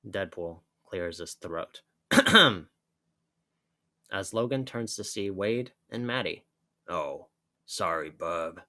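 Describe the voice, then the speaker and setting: A man narrating a comic book story with a steady, even reading. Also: fairly low pitch.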